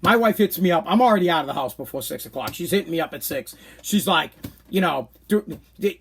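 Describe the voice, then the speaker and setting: High-voiced man ranting. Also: fast talker, gravelly, a little hiss or hum. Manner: animated, exasperated ranting. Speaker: podcast host. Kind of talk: casual ranting monologue.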